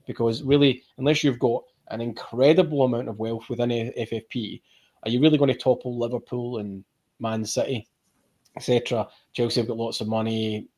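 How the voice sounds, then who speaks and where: A man's voice: mid-range voice, a little mellow. Chatty man with a sore throat. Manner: chatty, jokey, rambling. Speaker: podcast panelist. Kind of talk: casual football podcast chat.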